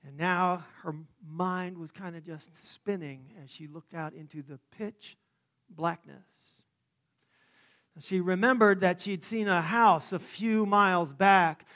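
A man preaching a sermon, praying and then telling a story dramatically, swelling loud and dropping to a hush. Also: high-pitched, fairly even intonation, measured pace. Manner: dramatic, swelling and hushing by turns. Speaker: pastor.

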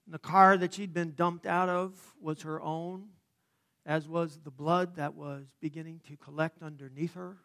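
A man preaching a sermon, praying and then telling a story dramatically, swelling loud and dropping to a hush. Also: on the high side, fairly even intonation, moderate pace, gravelly. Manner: dramatic, swelling and hushing by turns. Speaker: pastor.

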